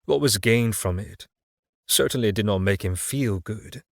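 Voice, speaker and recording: Male audiobook narrator, low voice, measured dark delivery, dry close sound. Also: vocal fry, no room sound.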